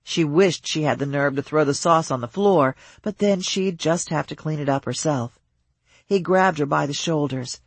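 An audiobook narrator with a husky, mid-range voice tells the story at a measured, even pace. The recording is close and dry, with no echo.

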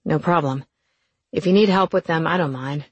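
Woman doing a young man, joking, guarded, low-key, dry teasing, husky, dry close audio. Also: normal speed, no room sound, dull audio.

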